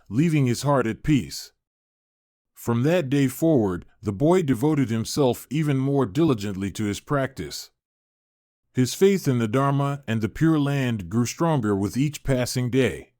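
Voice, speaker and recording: A man narrating spiritual stories in a calm, gentle, reflective scripted reading. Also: medium pitch, dry recording, studio quality. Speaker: storyteller.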